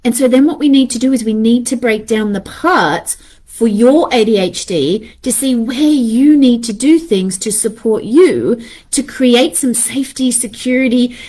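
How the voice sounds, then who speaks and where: A woman's voice: a little high, darkish tone. A woman in her thirties talking casually and animatedly to viewers about ADHD, swearing freely and acting out her inner voices.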